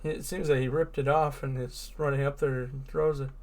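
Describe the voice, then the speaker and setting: A man's voice: medium pitch, level tone, moderate pace, darkish tone. A man reading a comic aloud in a casual, offhand way, describing the panels. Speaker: reader.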